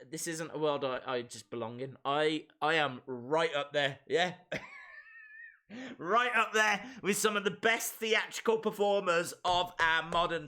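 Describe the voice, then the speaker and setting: A man's voice: on the high side, sharp tone. A man hosting a casual live stream, chatting and reading viewer comments aloud with lots of repeated phrases.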